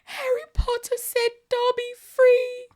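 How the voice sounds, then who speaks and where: A woman voicing a shrill, excitable male house-elf servant who speaks of himself by name, in a storybook read-aloud. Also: slow. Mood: shrill joy.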